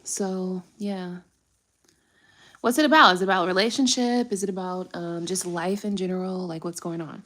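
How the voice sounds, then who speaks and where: A young woman chats casually on a live tarot stream. She sounds candid and slangy and swears freely. Her voice sits fairly low for a woman. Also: fairly even intonation, normal speed, a bit bright. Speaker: tarot reader.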